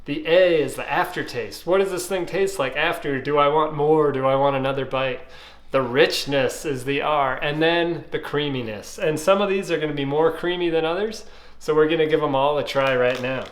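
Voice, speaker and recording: A man, casually reviewing ice pops and thinking aloud with fillers and pauses. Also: on the high side. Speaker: food reviewer.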